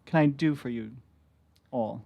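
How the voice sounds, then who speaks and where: A man's voice: mid-range voice, measured pace, gravelly, dark tone, dry recording. Dude voicing a no-nonsense dragonborn lady mayor, matter of fact, dry close sound. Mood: businesslike. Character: brisk female bronze dragonborn mayor.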